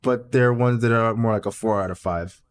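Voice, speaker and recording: A man guest co-hosting a podcast, relaxed and opinionated in casual chat, swearing now and then. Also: fairly low pitch, normal speed, smooth. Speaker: guest co-host.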